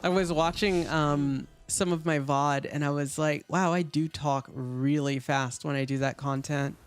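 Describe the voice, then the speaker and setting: A man with a slightly high voice chats loosely while streaming a game. He rambles, stacking fillers between thoughts. Soft music plays quietly behind him. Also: a little slow, clear, resonant tone. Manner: relaxed, rambling, chatty with fillers. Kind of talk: casual gaming stream chat.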